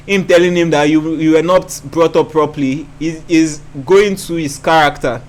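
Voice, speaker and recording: A man's voice: on the high side, steady tone, normal speed, hardly any pauses. A man hosting a reaction video, breaking down rap lyrics in a thoughtful way and often repeating himself as he thinks aloud.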